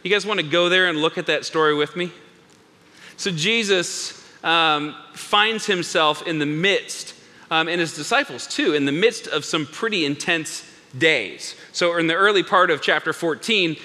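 Male pastor, high bright voice, lively sermon delivery, big church hall reverb. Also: normal speed. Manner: animated, acts out biblical characters with big voice swings.

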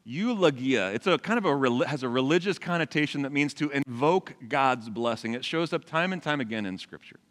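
A man's voice: medium pitch, animated, fairly quick, few pauses, fairly bright tone. A man in his forties preaching a sermon in a conversational way, asking the congregation questions. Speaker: pastor. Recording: long hall reverb.

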